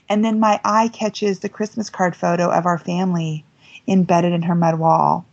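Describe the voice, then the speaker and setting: A middle-aged American woman, a guest telling a story in a lively way, jumping up in pitch when she quotes people. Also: moderate pace, dull audio. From United States. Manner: lively, quotes voices with big pitch jumps. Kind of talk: animated storytelling.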